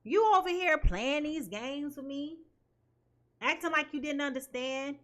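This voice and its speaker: Speaking a little slowly in a high, somewhat bright voice, a tarot reader gives her viewers an emphatic reading and keeps asking "okay?"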